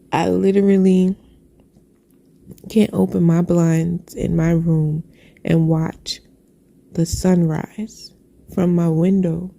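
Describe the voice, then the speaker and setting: A woman's voice: fairly low pitch, vocal fry, dark tone. A woman sharing a heartfelt personal faith testimony, earnest and repetitive, with preacherly phrasing.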